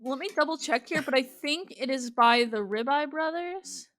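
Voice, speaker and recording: A woman in a podcast chat, chiming in with giggly, animated remarks. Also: high voice, normal speed. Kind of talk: casual chat.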